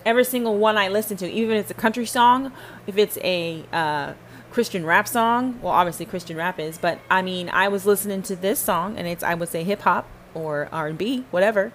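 A woman's voice: mid-range voice, a little fast, slight background noise. Emphatic woman giving a casual faith talk. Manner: emphatic, preachy, talks straight to the listener. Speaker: podcast host.

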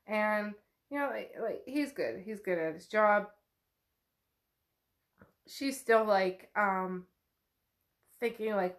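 A woman's voice: mid-range voice, slow pace, pauses often. A woman casually retelling the chapters of a novel, chatty and loose, swearing freely and saying "like" a lot. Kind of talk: casual book recap.

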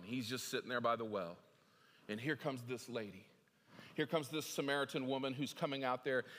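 A man preaching a sermon in a conversational way, repeating words as he goes and swinging between hushed passages and emphatic ones. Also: medium pitch. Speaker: pastor. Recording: echoey hall with long reverb.

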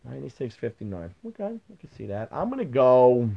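Blunt opinionated middle-aged man, lively pitch. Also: fairly quick, vocal fry, no echo. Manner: blunt, opinionated, swears casually. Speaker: sports podcast host. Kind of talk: casual sports chat. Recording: dull lo-fi sound.

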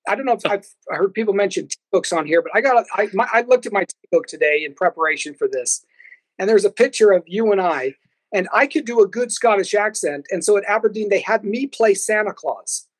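A man's voice: high voice, expressive, brisk, dry recording, rough recording. A man who is a podcast guest, telling stories in a casual chat and laughing often.

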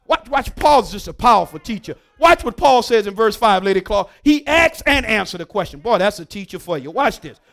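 Male preacher, high voice, call-and-response sermon delivery, hushed-to-emphatic. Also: big pitch swings, a little fast, vocal fry, few pauses, faint music behind. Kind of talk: sermon with scripture reading.

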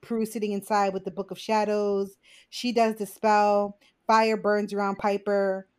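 A woman's voice: medium pitch, flat delivery, unhurried, a little mellow, smooth. A woman co-hosting a podcast, telling a TV episode's plot in a playful, frank way and laughing often. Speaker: podcast co-host. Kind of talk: casual TV episode recap.

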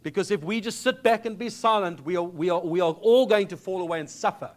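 High-voiced pastor preaching to a church. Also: male voice, fast talker. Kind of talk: sermon.

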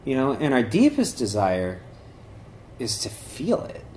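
A man's voice: mid-range voice, huge pitch swings, measured pace, a little mellow, slight background noise. A man giving an informal talk on meditation and yoga traditions, rambling conversationally with many fillers and restarts. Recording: echoey room.

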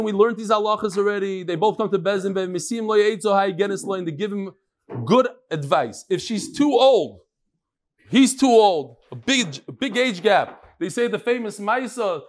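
A middle-aged man teaching a daily Mishnah class, animated and joking, mixing Hebrew terms into his English as he demonstrates. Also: sits high.

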